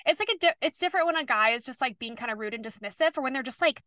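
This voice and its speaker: A young woman co-hosts a podcast, talking in a loose, rambling way as a sympathetic listener. Her voice is high and bright. The sound is dry and close. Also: animated, rapid-fire, no room sound. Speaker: podcast co-host. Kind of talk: casual chat.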